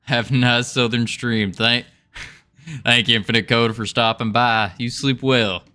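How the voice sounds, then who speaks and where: A man's voice: mid-range voice, fairly even intonation, a little slow, sharp tone, clean tone. A man streaming his game development, chatting casually and reading chat aloud, chuckling often as he rambles. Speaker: game dev livestreamer.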